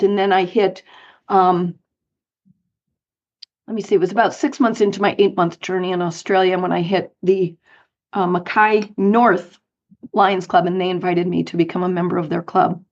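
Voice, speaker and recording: A woman's voice: fairly low pitch, moderate pace, lo-fi sound. Middle-aged woman telling stories. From United States, Colorado. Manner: animated anecdotes with light laughs. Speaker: guest, author and speaker. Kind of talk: storytelling interview.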